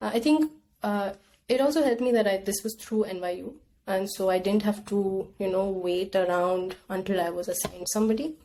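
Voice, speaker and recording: A woman's voice: mid-range voice, normal speed, dark tone, a little hiss or hum. A young woman guest on a podcast, talking things through in a casual, reflective way and acting out her own inner voice. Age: young adult. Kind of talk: casual conversation.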